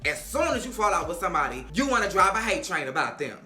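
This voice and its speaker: Squealing, sing-song woman friend, done by a woman recapping, bright sound in an echoey room. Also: fairly low pitch, big pitch swings, quick pace. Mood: defiant. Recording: echoey room, faint music.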